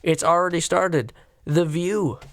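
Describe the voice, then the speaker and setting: Solo podcast host, man, slow-paced crude sarcastic rants, dry close mic. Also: on the high side, no echo. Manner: crude, sarcastic, swings from loud outbursts to quiet.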